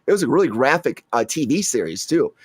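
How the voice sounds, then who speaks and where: A man's voice: mid-range voice, sing-song, fast, husky, dry recording, clean studio sound. A man hosting a casual entertainment news chat, rambling and stammering with frequent restarts. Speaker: show host.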